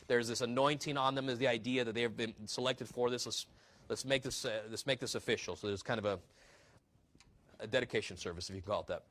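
A man's voice: mid-range voice, fast talker, fairly bright tone. A man, a pastor, preaching a sermon in a conversational teaching manner, reading scripture aloud and asking rhetorical questions.

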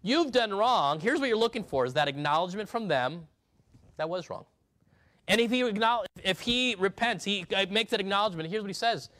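A male pastor preaching a sermon, emphatic, swinging between loud and hushed delivery. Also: sits high, expressive, brisk.

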